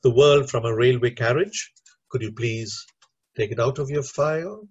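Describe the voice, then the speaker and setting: A man's voice: mid-range voice, normal speed, husky, highs cut off. A man teaching teachers in a recorded lecture, explaining step by step and often checking in with "right?". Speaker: teacher trainer.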